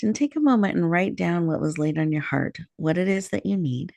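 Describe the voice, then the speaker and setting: Woman host, calm meditation guide, affirming manner, touch of fry, dry sound. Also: lowish voice, dry recording. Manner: soothing, slow and affirming.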